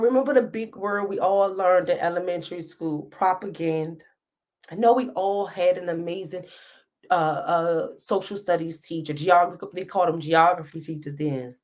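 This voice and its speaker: Impassioned woman on a live stream. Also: on the low side. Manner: impassioned, preachy, near tears, addresses viewers as y'all. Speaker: host reading live comments. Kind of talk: emotional live-stream commentary.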